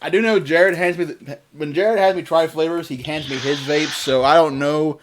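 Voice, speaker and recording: A man's voice: fairly high pitch, normal speed, a little hiss or hum. A young adult man hosting a stream, telling stories in casual chat and laughing often. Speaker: streamer host.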